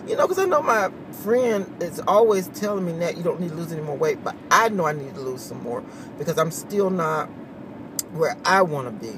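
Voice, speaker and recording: A woman chatting casually to her viewers, laughing often and saying y'all, recorded on a phone camera. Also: medium pitch. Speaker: vlogger. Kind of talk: casual morning chat to viewers. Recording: distant phone mic with steady noise.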